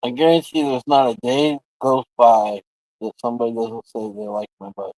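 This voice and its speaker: A man's voice: medium pitch, level tone, moderate pace, a little mellow, dry recording, poor audio. A man hosting a livestream, telling rambling, crude, joking stories in casual chat. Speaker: livestream host.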